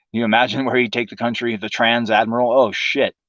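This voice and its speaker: A man's voice: mid-range voice, flat delivery, normal speed, a bit bright, dry recording, lo-fi sound. A man hosting a livestream, delivering a profane, sarcastic political monologue in a casual ranting manner. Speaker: livestream host.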